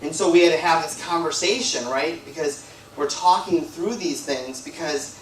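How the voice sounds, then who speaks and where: A man's voice: on the high side, moderate pace, a little hiss or hum. Rambling man preaching in echoey hall. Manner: rambling, conversational, heavy on "like" and "you know". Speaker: guest preacher. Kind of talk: storytelling sermon. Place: church hall. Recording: echoey room, from a distance.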